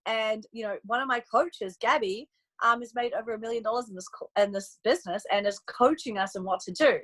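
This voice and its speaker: A woman's voice: a little high, brisk, low-quality recording. A young adult woman giving a casual, upbeat training talk to her sales team, acting out chats with prospects as she goes. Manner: bubbly and animated, acts out chats with prospects in upbeat voices. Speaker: network marketing coach on a team training call.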